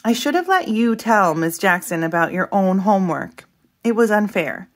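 A woman's voice: mid-range voice, lively intonation, normal speed, close to an everyday voice. A woman voicing an earnest, candid young girl in a read-aloud storybook, speaking in a pleading, sincere way.

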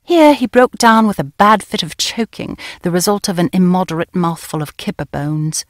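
A woman narrating a novel in the first person, with a crisp, wry storytelling manner. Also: on the low side, moderate pace, dry recording, clean studio sound. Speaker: audiobook narrator.

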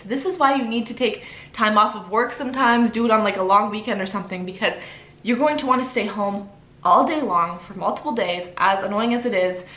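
A woman's voice: medium pitch, a bit bright. A young woman vlogging casual parenting advice to camera in an upbeat, chatty way, full of "like" and "you know". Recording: echoey room.

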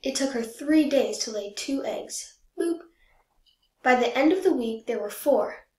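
A woman reading a children's picture book aloud in a gentle, measured storytelling voice. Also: high-pitched. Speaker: storybook reader. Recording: echoey room.

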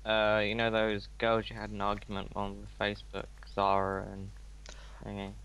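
A man's voice: on the low side, completely flat delivery, normal speed, fairly bright tone, low-quality recording. A young man chatting casually while playing a game with a friend, joking and swearing often. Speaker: co-host gamer. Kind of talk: casual gaming chat.

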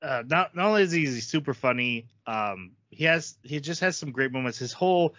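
A man hosts a casual podcast chat in a bright, forceful voice. He rambles, doubling back on words and filling gaps with ums. The recording is dry and slightly dull. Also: mid-range voice, animated, fairly quick, dry recording. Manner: rambling, repeats words, frequent fillers. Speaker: podcast host.

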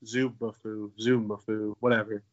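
A man's voice: flat delivery, normal speed, lo-fi sound. A man in his twenties co-hosting a casual comedy podcast, joking and swearing and slipping into silly voices. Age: 20s. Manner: jokey, profane, bursts into silly high voices. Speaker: podcast co-host.

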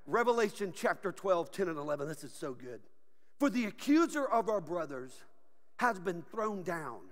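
A man preaching a sermon as pastor, animated and joking, often laughing. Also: sits high, in a large hall. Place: church sanctuary.

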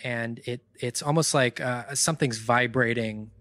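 A man narrating a tabletop game as game master, describing scenes in a measured way with fillers. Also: mid-range voice, fairly even intonation, fairly bright tone, dry recording.

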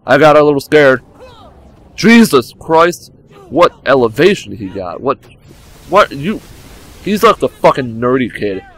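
A man's voice: mid-range voice, big pitch swings, normal speed. Joking young man commenting on a game. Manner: jokey, swinging between mock drama and sudden yelps. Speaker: gameplay commentator. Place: home room by a game console. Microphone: desk microphone, leaning back from it now and then.

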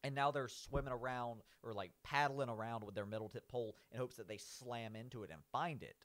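A man's voice: mid-range voice, fairly quick, fairly bright tone. A man giving casual, rambling commentary as he rates cartoon villains. He keeps saying "like", restarts his sentences and laughs at his own points.

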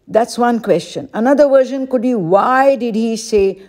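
A woman's voice: fairly high pitch, measured pace, hardly any pauses, a little mellow. A woman teacher giving an exam-prep lesson, patiently repeating each question aloud as she explains it. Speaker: English teacher.

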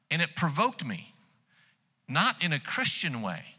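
A man preaching a sermon, telling stories in an animated way that turns loud when he gets excited. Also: a little high, unhurried, husky. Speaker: pastor. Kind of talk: sermon storytelling. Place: church hall. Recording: long church hall reverb.

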